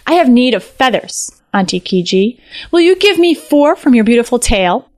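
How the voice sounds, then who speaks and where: A woman voicing an eager young male fox trickster, talking in an excited, earnest way in a storybook. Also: a little high, moderate pace, pitched above the performer's own voice. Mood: coaxing.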